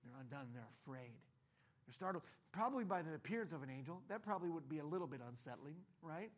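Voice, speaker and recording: A man with a high, husky voice preaches a sermon. He talks in a loose, conversational way and now and then slips into the voices of the people in his stories. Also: lively intonation, fast. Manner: conversational, acts out voices in quotes. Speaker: pastor.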